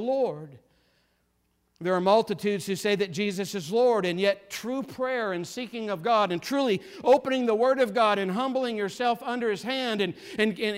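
A man preaching a sermon with fervent emphasis, repeating phrases and swinging between urgent force and hushed gravity. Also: very high-pitched, smooth.

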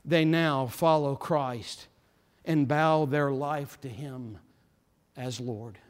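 A man preaching a sermon as pastor, impassioned, repeating phrases and building to forceful emphasis. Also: medium pitch, slow, clear, resonant tone.

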